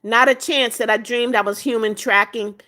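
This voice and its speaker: A woman's voice: fairly high pitch, steady tone, moderate pace, bright, forceful tone. A woman hosting a live stream, reading viewer comments aloud and answering each one briefly in a motherly way. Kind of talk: casual live-stream chat.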